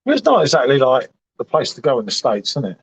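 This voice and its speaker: A man's voice: medium pitch, wildly swooping pitch, quick pace, breathy edge, lo-fi sound. Tipsy, matey man on a stream. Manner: matey, repeats himself, says "mate" a lot. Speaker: livestream host. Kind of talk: casual chat.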